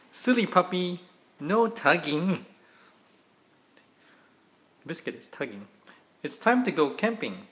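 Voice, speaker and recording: Animated dad reading a storybook. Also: male voice, fairly high pitch, slow, pauses often. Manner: animated, gentle, playful. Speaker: father reading to his children.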